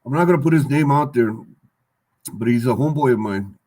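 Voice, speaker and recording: Older man, show guest, candid storytelling, repeats words, street slang, mid-pitched voice. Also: expressive, brisk, darkish tone. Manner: rambling, repeats words and phrases, swears freely.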